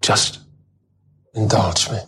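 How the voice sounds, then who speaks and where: An actor playing a suspicious man who presses an old friend with low, steady questions, heard in a TV clip. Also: slow, slight background noise. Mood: probing. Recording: TV clip with loud music behind.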